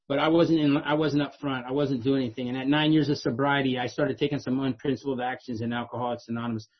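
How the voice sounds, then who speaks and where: A slightly rough, mid-range male voice belongs to a middle-aged man sharing his recovery journey at a meeting. He's streetwise and self-mocking, often closing with "right?", captured in a dull lo-fi recording.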